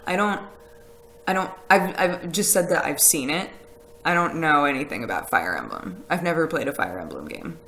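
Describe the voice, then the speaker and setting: A woman's voice: low voice, expressive, moderate pace, fairly bright tone, a little hiss or hum, poor audio. A woman chatting casually on a live stream, rambling with fillers and laughs as she reads messages from chat. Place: house with a conservatory.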